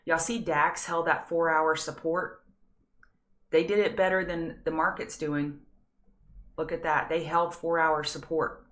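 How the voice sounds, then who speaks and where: A woman's voice: low-pitched, a bit bright. A woman hosting a live trading stream, chatty and self-deprecating with scattered asides. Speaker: trading show host. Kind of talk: live market analysis stream.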